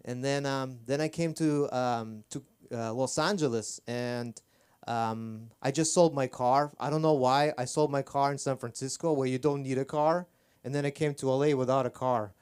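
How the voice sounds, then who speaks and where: A man's voice: medium pitch, steady tone, moderate pace, darkish tone, clean tone. A man performing rambling, self-deprecating stand-up on a comedy club stage. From Armenia.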